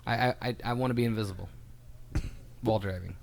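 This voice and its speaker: A man's voice: lowish voice, fast talker, gravelly, slight background noise. An American man co-hosting a podcast, chatting casually and joking with a lot of laughter. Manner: jokey, laughs often. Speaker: podcast co-host and part owner. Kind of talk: casual chat.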